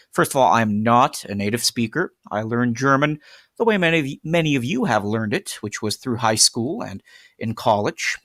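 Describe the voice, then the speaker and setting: A man's voice: mid-range voice, a bit bright, no room sound, studio quality. A young man giving an earnest lesson presentation on pronunciation, with frequent fillers and restarts. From United States. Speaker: language teacher. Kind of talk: explanatory presentation.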